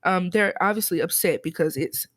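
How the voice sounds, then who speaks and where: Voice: medium pitch, moderate pace, fairly bright tone. A podcast co-host chatting casually, giving firm opinions and laughing often. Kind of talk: casual chat.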